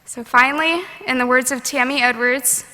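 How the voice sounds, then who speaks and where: A woman's voice: high voice, fairly even intonation, moderate pace, pushed and bright. A young woman in her late teens giving an earnest, heartfelt graduation speech at a podium microphone. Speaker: student graduation speaker. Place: large graduation venue. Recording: long reverb of a large ceremony hall.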